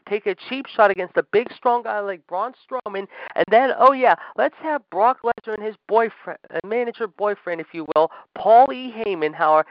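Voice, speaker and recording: A man's voice: high-pitched, dry recording, lo-fi sound. A man hosting a wrestling podcast, ranting angrily and sarcastically and saying "however" over and over. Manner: angry, sarcastic, repeats "however" constantly. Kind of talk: ranting commentary.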